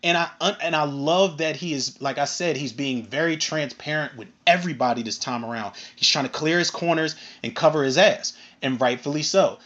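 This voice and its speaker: A man recapping and reviewing a TV episode in a casual, animated and profane way, acting out bits of dialogue. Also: a little high, a little fast, hardly any pauses, dull audio. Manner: animated, profane, retells scenes with acted quotes. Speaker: film and TV reviewer.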